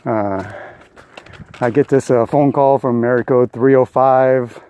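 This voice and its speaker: An older man talks to the camera while out on a mountain trail, stringing a story together with plenty of pauses. His voice is mellow and dark, at a middling pitch. The feel is a casual, unscripted hiking vlog. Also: steady tone, a little hiss or hum. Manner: rambling storytelling with many uh fillers. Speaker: thru-hiker vlogger.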